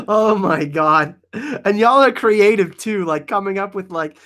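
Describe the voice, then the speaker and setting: A man hosting a casual live Q&A stream, reading the chat; excitable, laughing often and saying "like" a lot. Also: sits high, a little slow. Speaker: livestream host answering chat.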